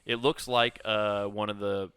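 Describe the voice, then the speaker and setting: Bright crisp-voiced comic man, profane laughing storyteller, dry room. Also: lowish voice, flat delivery, unhurried, dry recording. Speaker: comedian podcast co-host. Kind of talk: casual comedic storytelling.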